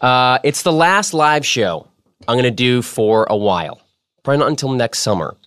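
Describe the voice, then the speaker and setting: Male podcast host, casual and jokey, dry close-mic studio sound, mid-pitched voice. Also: expressive, moderate pace, fairly bright tone, smooth, dry recording. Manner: playful, jokey, self-mocking.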